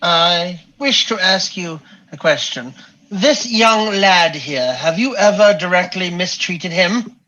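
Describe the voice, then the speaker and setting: A stiff, formal adventurer, played by a man, who talks very slowly and with great care. The voice is bright and edgy, and it comes through a dull lo-fi mic with a little faint noise underneath. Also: sits high, lively intonation, full character voice. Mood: measured. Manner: slow, measured, formal speech.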